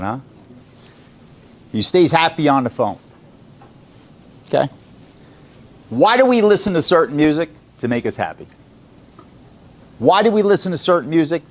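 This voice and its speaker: A man running a sales office gives a motivational talk to his staff in an office room. He is blunt and swears freely, and he keeps firing questions at the room. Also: mid-range voice. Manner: blunt and profane, quizzing the room.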